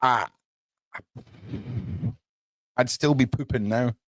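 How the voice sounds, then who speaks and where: A man's voice: mid-range voice, slow, no room sound. A man hosting a live call-in show, joking and steering the panel in casual chat. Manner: jokey, animated, runs the panel. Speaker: show host.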